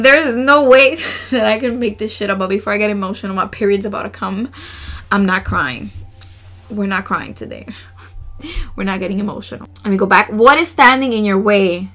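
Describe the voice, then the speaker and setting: A woman's voice: medium pitch, pushed and bright. A woman hosting a casual solo podcast, reading oracle cards aloud in an earnest, emotional way with frequent laughs and slangy asides. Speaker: podcast host.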